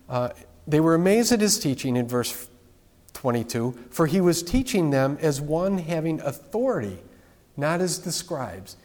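A male pastor giving an informal, conversational sermon with animated asides. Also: on the high side. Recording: long reverb from a large hall.

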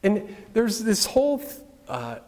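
Lively, restless man preaching in a reverberant hall. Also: sits high, slow pace. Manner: conversational, lively, with frequent restarts and asides. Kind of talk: sermon. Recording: long reverb of a large hall.

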